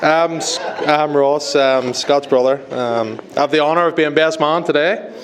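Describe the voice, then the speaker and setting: Best man, slightly high voice, keeps saying sorry and laughing, noisy crowd all around. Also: moderate pace. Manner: apologetic, laughing, joking with the crowd. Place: wedding reception hall. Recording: crowded reception hall with loud chatter and laughter. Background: laughing, chattering guests.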